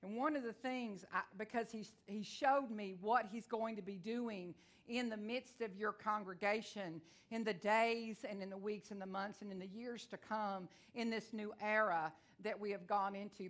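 A middle-aged woman from Texas with a country twang, preaching a sermon and telling her own testimony, fast-talking and rising to fervent declarations. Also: mid-range voice, fairly even intonation. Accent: Texan. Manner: fervent, rises to loud declarations. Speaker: guest preacher.

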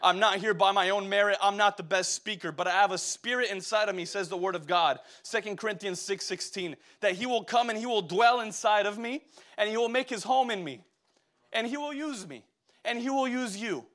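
Man, young adult, preacher, sermon, high voice, exhorting, call-and-response. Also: a little fast, a bit bright. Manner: exhorting, addresses the church directly with call-and-response questions.

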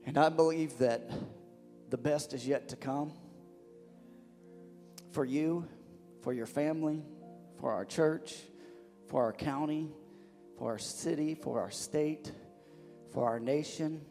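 A male pastor preaches with a fervent, repeating cadence, stumbling over restarts as he builds up. His voice sits a little high and rings out in a long church reverb. A faint instrument plays underneath. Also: slow, pauses often, dark tone, faint music behind. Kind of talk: sermon. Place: church sanctuary.

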